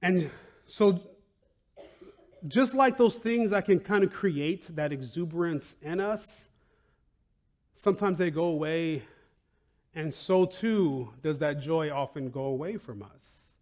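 A man pastor preaching a sermon in a conversational, animated way, laughing often and tossing in "right?" and "like". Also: a little high, slow, pauses often. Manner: animated, bursts into loud excited outcries, laughs often.

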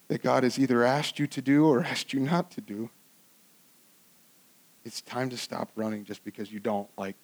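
A pastor preaching a sermon in a conversational, earnest way, with frequent restarts and swings between loud emphasis and hushed asides. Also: male voice, medium pitch.

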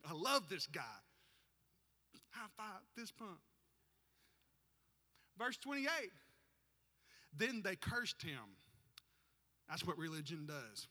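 A man preaching a sermon in a church, animated and rising to shouts to stir the congregation. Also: high voice, slow pace, pauses often. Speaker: pastor. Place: church sanctuary. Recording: long hall reverb.

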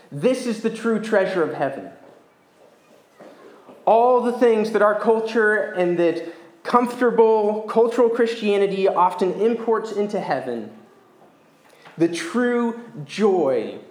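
A man preaching a sermon as pastor, earnest and measured, slowing down to stress key words. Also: high voice. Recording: echoey church room.

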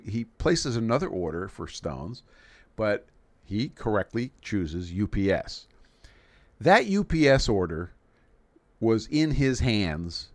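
A man's voice: lowish voice, dry recording. A man from New York City hosting a live stream in casual chat, rambling and joking with frequent restarts. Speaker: livestream host.

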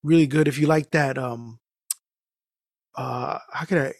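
A man's voice: medium pitch, unhurried, no echo, clean studio sound. A man hosting a podcast, telling a loose, profane anecdote that is full of restarts and "dude.". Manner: animated storytelling with many restarts. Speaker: podcast host. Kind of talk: casual chat, rambling anecdote.

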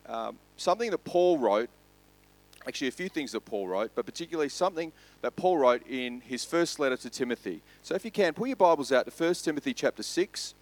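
An Australian man, a pastor, giving a sermon in a relaxed storytelling way. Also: mid-range voice, low-quality recording. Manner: conversational storytelling preacher.

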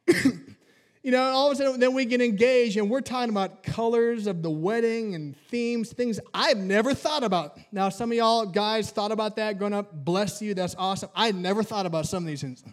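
Male pastor with a high voice, preaching with comic family anecdotes. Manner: humorous storytelling with acted-out family dialogue. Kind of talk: sermon.

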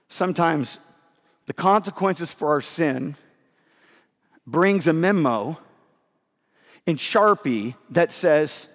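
Hoarse, high-voiced preaching man. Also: animated, slow, long pauses, in a large hall. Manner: emphatic, conversational preaching. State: losing his voice, winded. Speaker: pastor. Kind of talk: sermon.

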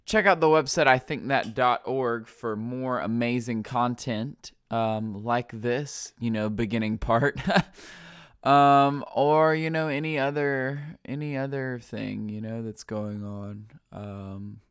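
A man's voice: mid-range voice, fairly even intonation, takes it slowly, smooth, dry recording, studio quality. Rambling man with a stuffy nose. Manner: rambling, heavy on fillers and "like". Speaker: podcast host. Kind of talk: casual solo podcast chat.

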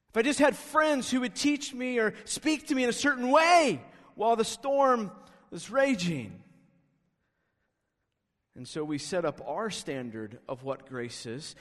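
A male pastor preaching a sermon, emphatic, pressing his listeners with rhetorical questions. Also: sits high. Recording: long reverb of a hall.

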